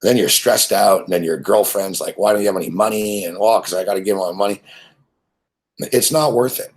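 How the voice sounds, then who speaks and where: Blunt, husky-voiced man ranting. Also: lowish voice, fairly quick. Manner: blunt, profane, rambling with repetitions. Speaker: sports betting show host. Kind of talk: profane ranting monologue.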